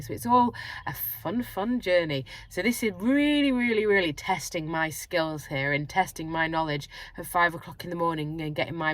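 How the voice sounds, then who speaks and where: A middle-aged woman, a sleep coach and mum, chatting casually and tiredly to camera from her car, animated and quick to laugh. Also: low voice. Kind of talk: casual vlog chat. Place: parked car.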